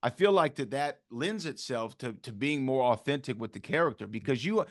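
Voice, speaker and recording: A man's voice: mid-range voice, expressive, moderate pace, no echo, studio quality. A man from the American South interviewing an actor, asking long questions that lay out his own theories. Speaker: interviewer host.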